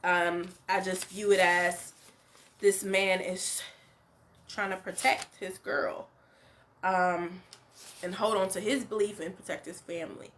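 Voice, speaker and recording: Bright, forceful woman giving opinions. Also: fairly low pitch, fairly even intonation, slow pace, long pauses. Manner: opinionated, emphatic, lots of "like" and "you know". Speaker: reality show recap host. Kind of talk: casual reaction commentary.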